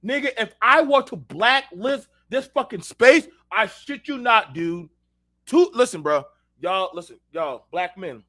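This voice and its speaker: A man's voice: sits high, animated, a little slow, bright, forceful tone. A man hosting an unfiltered talk show, telling heated, profanity-laced stories and speaking directly to his listeners. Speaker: show host. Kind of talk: unfiltered casual rant.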